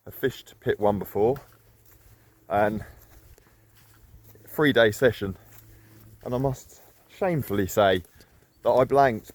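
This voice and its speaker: A man's voice: fairly low pitch, a little mellow. A man, chatting casually and a bit breathlessly as he walks a lakeside for his fishing vlog. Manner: chatty and self-deprecating, rambling asides. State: slightly out of breath while walking. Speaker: carp fishing vlogger. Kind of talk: casual walk-and-talk vlog. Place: outdoors by a lake.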